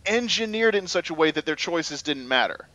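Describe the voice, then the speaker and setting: A man with a fairly high, bright, forceful voice in casual chat over gameplay. He is sarcastic and animated and often stammers and restarts mid-sentence. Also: a little fast, lo-fi sound. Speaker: gaming co-host.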